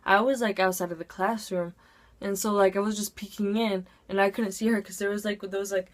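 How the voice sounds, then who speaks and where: A teenage girl vlogger tells a storytime at a brisk pace and a casual, even pitch, dropping "like" between her phrases. She's chatty and sounds as though she's speaking right into a camera at home.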